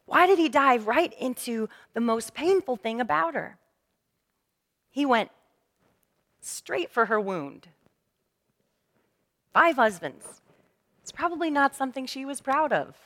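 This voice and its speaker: A woman pastor preaching a sermon in a lively, conversational storytelling manner. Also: sits high, unhurried, pauses often. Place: church sanctuary. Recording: long reverb of a church hall.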